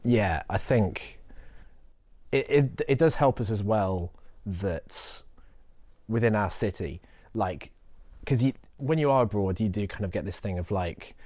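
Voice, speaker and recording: A man's voice: fairly low pitch, expressive, unhurried, darkish tone, dry recording. A man from Birmingham, a DJ speaking as a panel guest in a casual way full of fillers. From Birmingham, England. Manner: casual, filler-heavy, lots of "like". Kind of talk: panel discussion.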